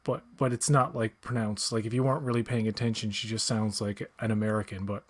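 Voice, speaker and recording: A man's voice: lowish voice, level tone, fast talker, crowd noise. A man co-hosting a podcast, explaining points at length in a casual chat. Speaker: podcast co-host.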